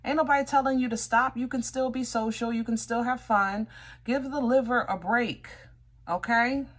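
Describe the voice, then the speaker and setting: A woman's voice: fairly high pitch, normal speed. A woman giving a casual tarot reading to viewers, chatty and direct, often teasing with "you know?" and "okay?". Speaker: tarot reader.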